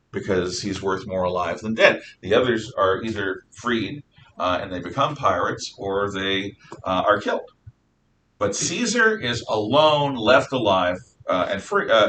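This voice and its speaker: A man teaching a history class, telling the story in an animated way with jokes, asides and restarts. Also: on the low side. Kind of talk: classroom lecture. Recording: distant mic, faint background noise.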